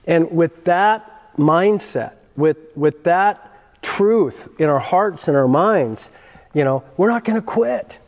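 A man's voice: a little high, a little mellow. A man preaching a sermon in an earnest, emphatic way, repeating key phrases for weight. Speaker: pastor. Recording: long hall reverb.

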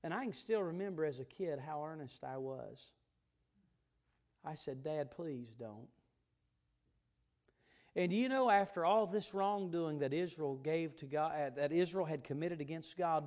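A man's voice: a little high, moderate pace, darkish tone. A man preaching an evening church sermon, earnest and emphatic, stressing and repeating key words.

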